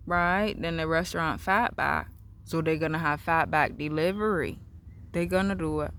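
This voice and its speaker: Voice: mid-range voice, bright, forceful tone, a little hiss or hum. A vlogger talking in a casual, rambling, repetitive monologue outdoors in a backyard. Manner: rambling, repetitive, free-associating.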